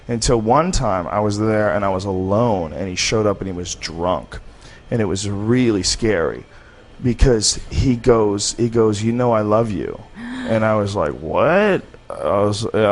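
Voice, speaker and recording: A man's voice: fairly low pitch, moderate pace. A man from the United States telling personal stories on a casual podcast, candid and profane with a rambling delivery. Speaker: podcast host. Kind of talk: casual storytelling.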